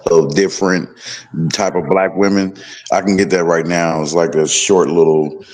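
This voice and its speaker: A man's voice: deep voice, steady tone, moderate pace, big-room sound, crowd noise, rough recording. A man calling into a casual stream chat, speaking offhand and informally.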